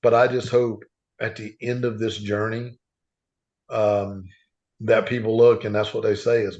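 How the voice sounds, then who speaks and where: A man's voice: on the low side, little pitch movement, a little slow, darkish tone. Earnest rambling man, muffled sound. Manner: earnest, rambling, with frequent restarts. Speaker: podcast guest. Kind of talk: casual storytelling. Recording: dull lo-fi sound.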